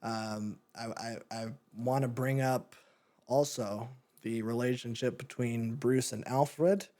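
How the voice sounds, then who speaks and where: A young man talks through a film review in a loose, rambling way, full of ums, repeated words and side tangents. His voice sits at an ordinary middle pitch for a man, and he talks like a podcast host chatting with friends. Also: darkish tone. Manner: rambling, lots of fillers and restarts. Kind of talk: casual film review chat.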